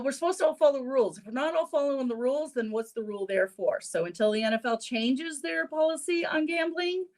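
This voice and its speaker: A woman's voice: on the high side, darkish tone. A woman hosting a casual sports podcast segment, talking in a chatty way and laughing at her own lines. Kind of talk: casual opinion talk.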